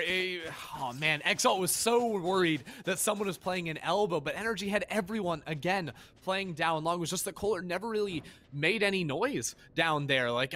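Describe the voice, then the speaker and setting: A man from North America giving quick, analytical esports commentary on a headset, laughing easily between calls. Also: on the high side, bright, forceful tone. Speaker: esports caster. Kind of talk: play-by-play commentary.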